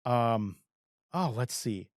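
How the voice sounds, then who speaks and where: A man's voice: mid-range voice, slow, dry recording, clean studio sound. A man in his forties co-hosting a podcast, chatting casually and acting out quotes as he tells stories. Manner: rambling, animated storytelling with acted-out quotes. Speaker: podcast co-host. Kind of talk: casual chat.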